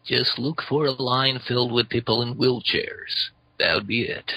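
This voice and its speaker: A man calls in to a talk radio show and trades deadpan, crude jokes with the hosts. His voice is husky yet sharp and bright, sitting in a mid-range pitch. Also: normal speed, no echo, poor audio. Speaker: caller. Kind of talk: call-in radio banter.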